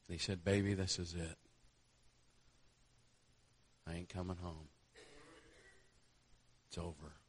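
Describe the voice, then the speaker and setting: A man's voice: deep voice, fairly even intonation, slow pace, long pauses, slight background noise. A male preacher delivering a sermon, telling a conversion story and building to an impassioned altar call.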